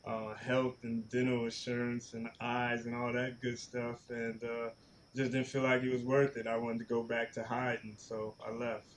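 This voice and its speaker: A man's voice: medium pitch, monotone, normal speed, slight background noise. Man in his forties, former athlete guest, earnest, plainspoken, reflective. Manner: earnest, plainspoken, repeats himself for emphasis. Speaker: former pro football player, guest. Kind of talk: reflective interview talk.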